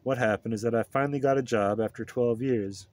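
A man's voice: mid-range voice, fairly even intonation, brisk, a little mellow, dry recording, lightly acted. A man voicing a restless, evasive male journalist with a raised, strained voice.

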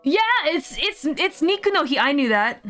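A woman with a fairly high voice that swoops up and down as she hosts a loose, joking chat on a livestream. She rambles along with lots of filler words and silly asides. Soft music plays faintly behind her. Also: lively intonation, moderate pace. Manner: rambling, playful, full of "like" and goofy asides. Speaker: stream host. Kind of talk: casual chat with friends on a livestream.

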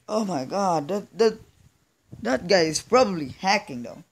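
A let's play gamer giving casual commentary, excitable and often stammering or blurting out sudden exclamations. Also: medium pitch, measured pace, creaky.

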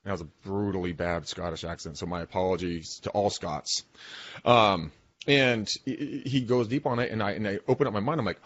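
A man co-hosting a podcast, talking in animated, emphatic casual business chat and swearing now and then. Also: lowish voice, a little fast, dry recording, muffled recording. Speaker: podcast co-host.

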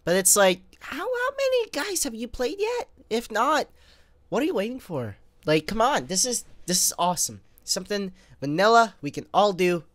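A young man giving let's play commentary, excitable, talking straight to viewers and grumbling at the game, with fits of sneezing and coughing. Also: high voice, normal speed, no room sound. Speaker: gamer.

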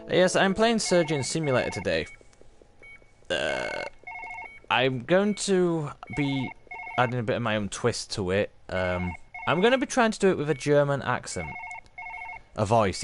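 A man's voice: mid-range voice, big pitch swings, normal speed, noisy background. A man streaming a game, chatting casually and rambling, often correcting himself. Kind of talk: casual gameplay commentary.

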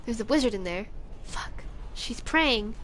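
A young female streamer talks through her gameplay in a high, bright voice. She swears freely and snaps back at the enemies on screen. A light hiss of noise sits under the recording. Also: animated, a little slow. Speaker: game streamer. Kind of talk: live gameplay commentary.

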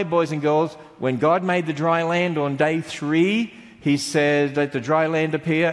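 A middle-aged Australian man giving a playful church talk to children and quizzing them on the answers. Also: fairly high pitch. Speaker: speaker to children. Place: large church hall. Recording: long hall reverb.

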